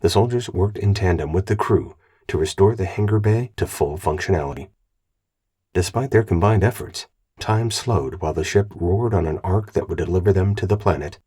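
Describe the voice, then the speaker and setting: A man reading an audiobook aloud in an even, measured narration. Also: low-pitched, slightly rough. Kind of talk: scripted narration.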